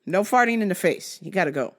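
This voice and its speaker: A woman's voice: fairly low pitch, animated, quick pace. A woman hosting her own podcast, telling comic stories with a lot of swearing and laughter. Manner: profane, laughing often. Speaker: podcast host. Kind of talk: casual comic storytelling.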